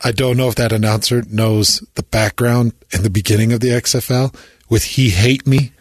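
A man co-hosting a casual sports talk show. He retells clips in an animated way and slips into quick impressions. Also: fairly low pitch, dry recording, clean studio sound. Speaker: co-host.

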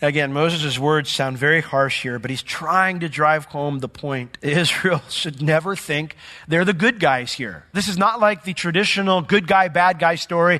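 A man preaching a sermon as pastor, animated and acting out the voices he quotes. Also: on the high side, moderate pace, in a large hall. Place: church sanctuary.

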